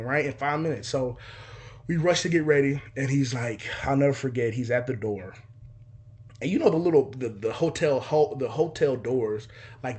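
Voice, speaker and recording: Young guy telling a story, cussing a lot, doing voices and sound effects, mid pitch. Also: breathy edge. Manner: animated, profane, acts out voices and sound effects. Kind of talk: casual storytelling.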